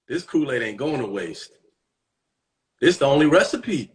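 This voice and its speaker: A man in his thirties talking to his viewers in a casual live-stream monologue, profane and boastful, swinging between loud bursts and hushed asides. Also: mid-range voice, sing-song, normal speed.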